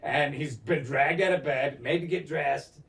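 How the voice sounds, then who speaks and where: A man co-hosting a podcast, casually recapping a TV episode, animated and swearing often as he acts out the characters' lines. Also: fairly high pitch, a little slow, creaky, recorded from a distance. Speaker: podcast co-host.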